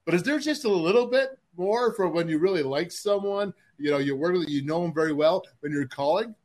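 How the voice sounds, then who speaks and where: A man co-hosting a football podcast, animated and acting out old conversations. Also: high-pitched, a little fast. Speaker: co-host, former player. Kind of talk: casual podcast chat.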